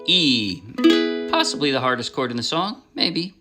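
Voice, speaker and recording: A man teaches ukulele in a relaxed, chatty way, circling back and correcting himself as he goes. His voice sits in an ordinary middle register. Loud ukulele playing rings out behind his words. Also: medium pitch, normal speed, over loud music. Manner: relaxed, rambling, often restarts and apologizes. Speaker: ukulele instructor. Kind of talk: casual music tutorial.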